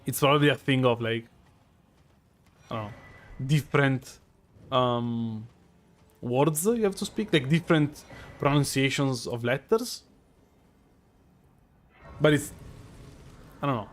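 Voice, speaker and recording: A man's voice: medium pitch, slow pace, long pauses. A young Italian man with an Italian accent, chatting casually with his live-stream audience while gaming, hesitant and full of fillers. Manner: hesitant, many fillers and restarts.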